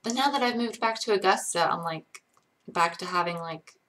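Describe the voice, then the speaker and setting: A woman's voice: on the low side, normal speed, fairly bright tone. A woman in her twenties from Georgia, with a light accent that has little Southern to it, chatting casually on a livestream and answering viewer questions in a rambling way. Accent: light Connecticut-tinged American, little Southern. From Georgia, USA. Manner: chatty, rambling, many likes and ums. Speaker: livestream host. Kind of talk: casual live chat reading viewer questions.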